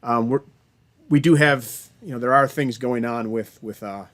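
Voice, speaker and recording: A man's voice: mid-range voice, unhurried, fairly bright tone. Guy lecturing college class on a video call from home, chatty, keeps restarting sentences, corny jokes.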